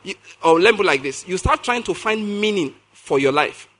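A male preacher with a high, bright, ringing voice. He reads scripture slowly and repeats key words for emphasis. He keeps checking in with his listeners. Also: lively intonation. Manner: emphatic, repeats key phrases, asks the audience questions. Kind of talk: sermon reading and explaining scripture.

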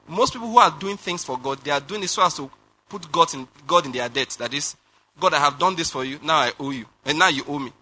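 Pastor preaching, high voice, really sharp and bright, laughs a lot mid-sermon. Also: male voice, husky. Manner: animated preaching with laughter and rhetorical questions.

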